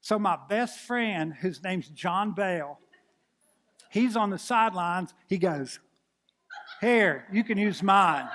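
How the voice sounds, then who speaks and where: A man in his sixties, a pastor telling a folksy, animated story in a sermon. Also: sits high. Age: 60s.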